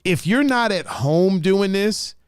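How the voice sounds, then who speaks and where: A man hosting a podcast in casual chat, animated and profane, laughing often. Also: high-pitched, takes it slowly, clear, resonant tone, no room sound, studio quality. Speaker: podcast host.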